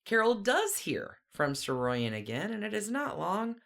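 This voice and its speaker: A woman's voice: mid-range voice, big pitch swings, unhurried, fairly bright tone. A woman co-hosting a podcast, casually telling a story with conversational, dry asides. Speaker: podcast co-host.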